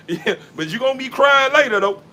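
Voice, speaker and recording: A man's voice: very high-pitched, animated, normal speed, bright, forceful tone. A man talking casually while bathing his dog in a yard, laughing often and repeating himself in a preachy street-talk way. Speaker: dog breeder. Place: outdoors in a yard.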